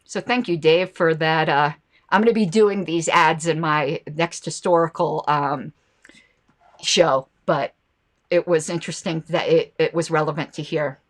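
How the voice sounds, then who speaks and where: A woman's voice: low-pitched, steady tone, a little slow. A woman hosting a political commentary show, talking casually and reacting to viewer comments and ads. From United States.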